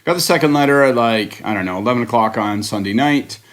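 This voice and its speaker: On a political panel, a man chats casually, sardonic and rambling, with the odd swear word. He talks fast, at medium pitch, with a fairly bright tone.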